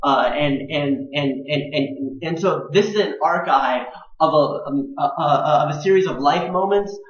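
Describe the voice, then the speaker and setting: A man's voice: a little high, unhurried. A young man who stutters, repeating words and syllables with many fillers, talking earnestly in a personal video blog. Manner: earnest, grows more intense as he speaks. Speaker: video blogger. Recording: roomy, dull home camera sound.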